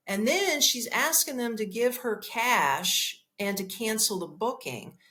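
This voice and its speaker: A woman hosting a podcast, telling a story in a blunt, profane, animated way and acting out the dialogue. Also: mid-range voice. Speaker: podcast host. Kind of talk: casual storytelling monologue.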